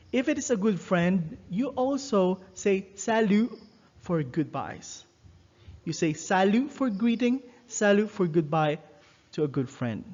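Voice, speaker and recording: A man giving a recorded French lesson, slowly repeating each phrase for students to copy. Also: on the high side, a little mellow, muffled recording. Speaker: French teacher.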